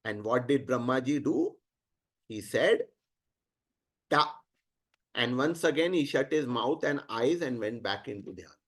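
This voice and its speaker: A man with an Indian accent teaching through an animated story, mixing English with Hindi and putting rhetorical questions to his listeners. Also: mid-range voice, moderate pace. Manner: switches freely between English and Hindi. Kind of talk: storytelling lecture.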